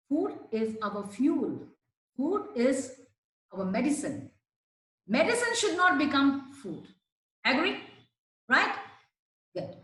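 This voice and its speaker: A woman giving a lively fitness talk to an audience, asking them questions as she demonstrates. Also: sits high. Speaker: fitness trainer. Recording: very echoey hall, voice far from mic.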